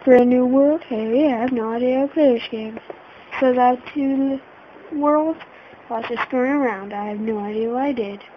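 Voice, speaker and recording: A woman's voice: a little high, moderate pace, slight background noise. A woman giving casual let's-play commentary, flustered and exclaiming in panic as she plays. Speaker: gamer. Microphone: laptop setup. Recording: dull lo-fi home recording.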